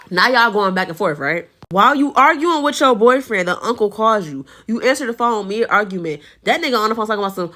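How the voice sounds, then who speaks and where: A woman's voice: medium pitch, animated, brisk, few pauses, fairly bright tone, slight background noise. A woman telling a wild story in a brash, profane way, addressing the listener as "you". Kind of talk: storytelling in a viral clip.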